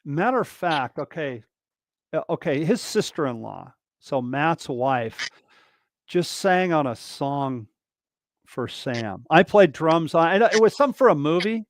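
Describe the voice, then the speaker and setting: Animated storytelling man, slightly high voice. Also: unhurried, no room sound. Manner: animated, acts out other people's lines in a raised voice; rambling, many restarts and fillers. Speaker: guest drummer. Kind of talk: casual interview storytelling. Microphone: video call livestream mic.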